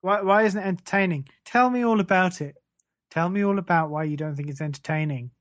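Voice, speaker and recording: A man's voice: sits high, a little fast, fairly bright tone. Guy cohosting a comedy podcast, teasing and stirring things up, lots of ums. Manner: teasing, provocative, plays devil's advocate. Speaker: podcast co-host.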